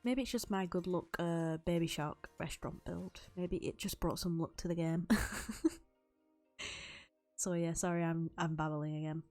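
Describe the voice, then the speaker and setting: A woman's voice: lowish voice, steady tone, normal speed, darkish tone, soft background music. A young woman chatting loosely over a game build, rambling and laughing often. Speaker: YouTube Sims builder. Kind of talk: recorded voiceover over gameplay.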